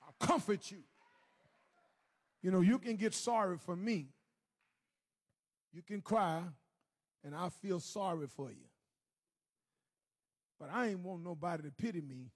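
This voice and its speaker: Husky high-voiced man preaching. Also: lively intonation, measured pace, long pauses. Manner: swings from hushed low moans to shouted, sing-song preaching. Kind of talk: sermon.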